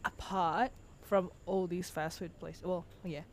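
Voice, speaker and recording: A young woman with Filipino English that shifts between American and Australian sounds, co-hosting a podcast and telling stories excitedly with playful teasing. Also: fairly low pitch, unhurried. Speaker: podcast co-host. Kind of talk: casual chat.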